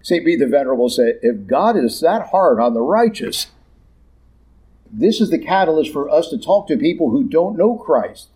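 A male preacher delivers his sermon bluntly, in plain conversational speech with slangy asides. His voice is a little high for a man but mellow and warm. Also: very animated, moderate pace, rough recording.

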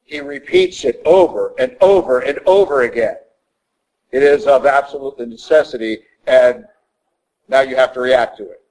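A man's voice: medium pitch, normal speed, a little mellow, low-quality recording. A man giving a Catholic teaching talk in an emphatic, repetitive way, acting out the quotes he cites. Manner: emphatic, repeats points, acts out quotes. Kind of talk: sermon.

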